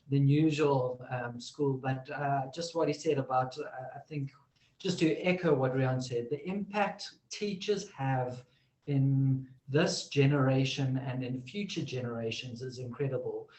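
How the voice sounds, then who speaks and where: A man hosting a live-streamed teacher event, friendly and a little halting as he wraps up the session. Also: medium pitch, echoey room, rough recording. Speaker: event host.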